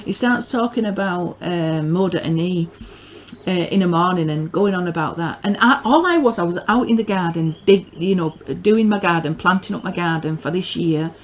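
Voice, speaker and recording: A middle-aged woman with a northern English accent giving a rambling personal testimony, often repeating and restarting words as she grows excited. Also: lowish voice, normal speed, slight background noise. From northern England. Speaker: religious video maker.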